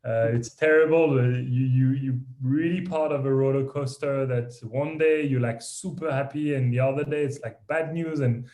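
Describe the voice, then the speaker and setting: French-accented man, animated, echoey room. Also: mid-range voice, moderate pace, few pauses. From France. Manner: animated, self-deprecating, frequent restarts. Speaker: guest, company founder. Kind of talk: podcast interview.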